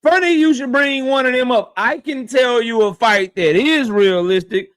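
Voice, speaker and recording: A man's voice: very high voice, normal speed, fairly bright tone, clear, resonant tone. A man hosting a boxing live stream, reading chat and riffing loosely with lots of profanity and slang. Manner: loose, profane, trash-talking, reads chat aloud. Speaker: boxing channel host.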